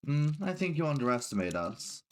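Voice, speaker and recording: A man in casual tabletop role-play, playful and quick to laugh. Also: mid-range voice. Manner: playful, laughs often, animated. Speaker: player.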